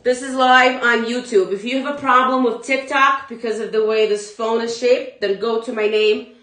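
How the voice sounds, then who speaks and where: A woman's voice: a little high, fairly even intonation, moderate pace, a bit bright, distant mic. A young adult woman leading a live workout class, chatting to viewers in a casual, laughing way. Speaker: fitness instructor. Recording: very echoey room, voice from afar.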